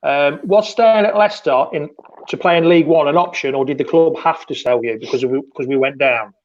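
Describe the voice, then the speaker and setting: Crew member, man, fairly high voice, slightly dull lo-fi sound from off-mic, reads fan questions a little hesitantly. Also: brisk. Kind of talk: casual interview.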